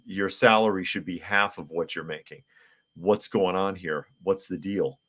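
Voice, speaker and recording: A man hosts a live news commentary podcast, reading headlines and viewer comments aloud. He drops mocking asides between them. His voice sits very low. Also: normal speed, a bit bright. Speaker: podcast host.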